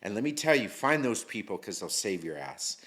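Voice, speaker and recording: A man's voice: fairly low pitch, big pitch swings, fairly quick, fairly bright tone. Middle-aged man, interview guest; candid, casual storyteller, slangy and profane. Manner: candid, slangy, swears freely.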